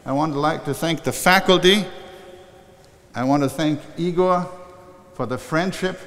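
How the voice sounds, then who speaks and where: A man's voice: a little high, measured pace. Older man speaking in an echoing hall. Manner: warm, conversational, often restarting and correcting himself. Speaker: honorary doctorate recipient giving an acceptance speech. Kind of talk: formal ceremony speech with anecdotes and a joke. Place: large historic chapel hall. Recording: long reverb from a large hall.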